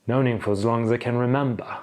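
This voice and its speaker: A man's voice: medium pitch, steady tone, quick pace, darkish tone, close to an everyday voice. A man voicing a weary male boxing promoter from a film monologue, narrating dryly and wryly.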